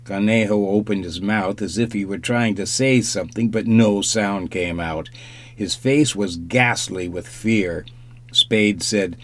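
In a fairly low voice, a male narrator reads an audiobook script with calm, steady storytelling.

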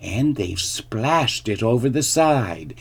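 A prim mother bear speaks in measured, fussy lines from a storybook, voiced by a man reading aloud. The delivery is slow and a touch lifted. It is a gentle bedtime tale. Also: medium pitch, lively intonation, gravelly, breathy edge, full character voice.

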